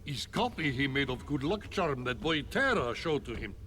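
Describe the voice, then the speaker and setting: A man's voice: medium pitch, very animated, moderate pace, pushed and bright, slight background noise. An actor playing an eccentric male alien mad scientist in a video game, speaking in broken grammar. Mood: gloating.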